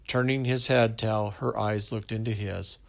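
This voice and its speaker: Male storyteller, slow and measured, low gravelly voice. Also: steady tone. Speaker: narrator. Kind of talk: story narration.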